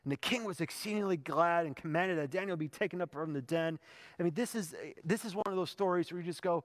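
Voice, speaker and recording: Speaking at a moderate pace with a fairly high pitch, this male pastor delivers a sermon in the church sanctuary. He keeps the storytelling conversational and works up to emphatic high points, all captured with lengthy church-hall reverb.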